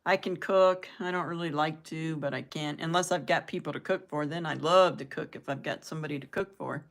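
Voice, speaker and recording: Older lady with a low voice, rambling and chatting away to her viewers, laughs at her own jokes. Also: fairly even intonation, fairly quick, gravelly. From southern United States. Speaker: live-stream host chatting with viewers. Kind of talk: casual chat.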